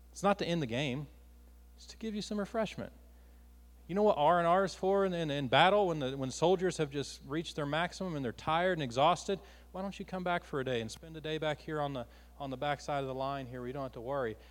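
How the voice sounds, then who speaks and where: A man's voice: a little high, fairly quick, big-room sound. A man preaching a sermon with passion, his force rising and falling.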